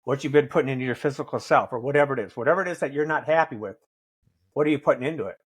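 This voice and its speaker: A man's voice: mid-range voice, racing, husky. A middle-aged man in recovery, talking bluntly and profanely as a podcast guest, preaching tough love. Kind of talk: blunt conversational storytelling.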